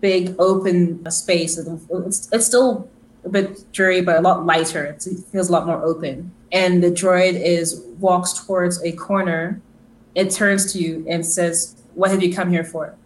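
A woman's voice: on the low side, fairly even intonation, measured pace, a little hiss or hum, poor audio. A woman narrating as game master of a tabletop game, chatty and loose, full of restarts and fillers.

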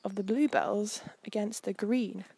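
A woman's voice: mid-range voice, fairly even intonation, a little slow, creaky, warm tone, breathy edge, no echo. A young woman hosting a walk, narrating casually outdoors on a coastal path in a chatty, meandering way with frequent ums. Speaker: host. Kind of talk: casual narration while walking.

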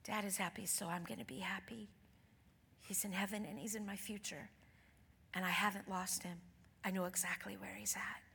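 Middle-aged woman guest minister, bright and fairly high, storytelling sermon with wide soft-to-loud swings, long hall reverb. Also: moderate pace, gravelly, slightly rough. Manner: storytelling, swings from soft near-whispers to loud excited outbursts. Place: church.

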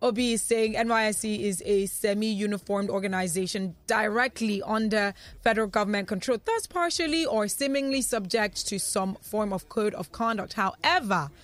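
A woman's voice: medium pitch, moderate pace, hardly any pauses. A woman hosting a radio talk show in a studio, reading listeners' comments aloud in a chatty way and laughing easily.

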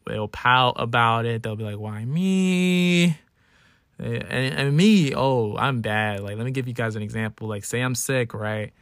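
A young man in his twenties talks through a solo podcast episode, animated and storytelling. He now and then slips into exaggerated whiny bits. His voice sits at a middling pitch and is recorded dry and close. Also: clear, resonant tone, no room sound. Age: 20s. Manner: animated storytelling, acting out his own whining. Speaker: podcast host. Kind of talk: casual solo podcast monologue.

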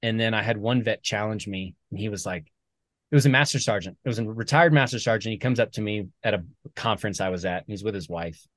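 A man, a military veteran and author, talking earnestly as a podcast guest, animated when he quotes other people. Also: lowish voice, quick pace, no room sound. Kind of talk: conversational storytelling.

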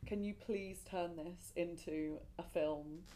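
A woman's voice: on the low side, fairly even intonation, takes it slowly, dark tone, a little hiss or hum, poor audio. A young woman hosting a casual chat podcast, enthusiastic and full of questions. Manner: enthusiastic, reacting with questions and laughter. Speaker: podcast host.

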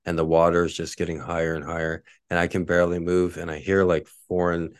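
A man's voice: low-pitched, little pitch movement, fast, smooth, no room sound, clean studio sound. A man from Texas, a podcast host, telling rambling casual stories full of "like" and casual swearing. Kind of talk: casual storytelling.

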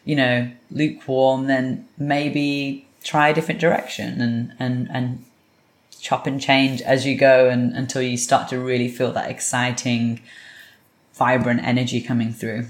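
A podcast guest giving thoughtful, steady advice in a casual chat. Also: medium pitch, a little slow. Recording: roomy echoing sound.

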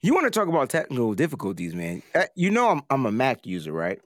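A man hosting a live sports talk stream, excitable and slangy as he chats with viewers and co-hosts. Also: mid-range voice, fast, background noise. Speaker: podcast host. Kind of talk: casual livestream chat.

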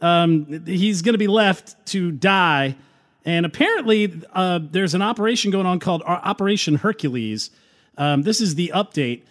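Brief: a man with a high, sardonic voice, mocking the news. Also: lively intonation, normal speed, a bit bright. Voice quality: sarcastic, laughing asides. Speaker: commentary host. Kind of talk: sarcastic political commentary.

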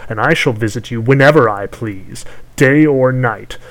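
A man voicing a spiteful ancient hag who grumbles and threatens loudly. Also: medium pitch, normal speed, natural voice, rough recording. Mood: menacing. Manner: loud, hissing, threatening.

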